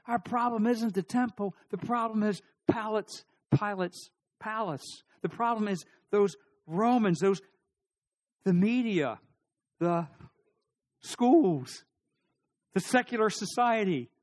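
Middle-aged man, pastor, slightly high voice, animated sermon delivery with loud peaks and voiced characters. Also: takes it slowly. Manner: animated preaching, acting out crowd voices, rising to loud peaks. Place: church.

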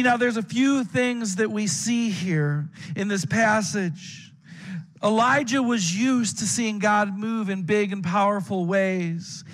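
Man, fairly high voice, pastor preaching a sermon, earnest, stumbles and restarts words. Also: a bit bright, big-room sound. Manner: earnest preaching to students and adults, frequent stammered restarts.

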